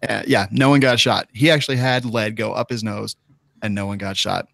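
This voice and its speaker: A man's voice: lowish voice, fairly even intonation, fairly quick, gravelly, fairly bright tone, no room sound, studio quality. A man hosting a podcast in casual chat, often laughing and reading sponsor ads. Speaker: podcast host.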